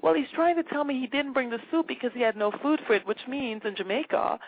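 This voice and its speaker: A woman from Trinidad, a guest on an interview, talks in a casual, animated way and acts out the voices of the people in her stories. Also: high voice, fast. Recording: tinny phone line.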